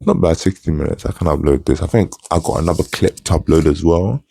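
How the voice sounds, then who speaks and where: A young man, talking casually and low-key in a monotone to camera for his own vlog. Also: fast talker, vocal fry, breathy edge, no echo. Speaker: channel host. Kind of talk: casual solo vlog chat.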